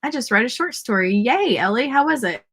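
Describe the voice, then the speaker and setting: Speaking a little fast in a somewhat high, expressive voice that's a bit bright and slightly rough, this livestream host cheers the word counts her viewers report during a casual writing sprint. She's chatty, has a Southern accent, and celebrates readers' comments.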